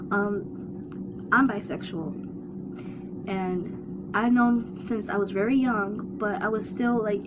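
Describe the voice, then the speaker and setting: A woman's voice: medium pitch, noisy background. A woman in her twenties hosting a reaction video. She gives tender, repetitive reassurance and sounds close to tears. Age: 20s. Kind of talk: emotional reaction commentary.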